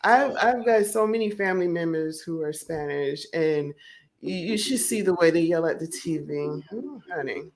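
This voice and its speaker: A woman's voice: fairly low pitch, normal speed. A woman hosting a casual interview, chatty as she asks her guest questions. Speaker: interview host.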